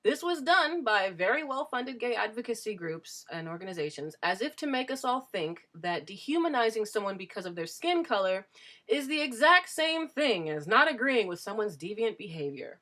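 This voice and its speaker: A woman's voice: on the high side, big pitch swings, moderate pace, a bit bright. A woman vlogger giving an opinion monologue to camera, emphatic and earnest, leaning hard on key words. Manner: emphatic and earnest, stressing words, with frequent restarts.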